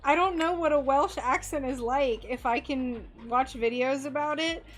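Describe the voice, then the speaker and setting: A woman's voice: sits high, moderate pace. A woman chatting casually with viewers on a stained glass craft livestream, reacting to messages with a giggly, chatty manner from her workspace. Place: home craft workspace under bright lights.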